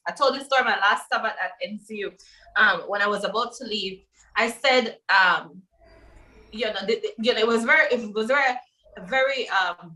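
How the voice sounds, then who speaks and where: A woman's voice: a little high, pushed and bright. A woman from Belize moderating a panel discussion, chatty and anecdotal, with frequent fillers. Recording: voice from far off the mic.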